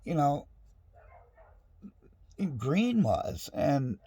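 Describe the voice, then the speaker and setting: A man's voice: fairly high pitch, big pitch swings, very slow, gravelly, dark tone, husky, no room sound. A middle-aged man in a casual, rambling monologue at home, frustrated and restarting often. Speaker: vlogger. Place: home with dogs nearby.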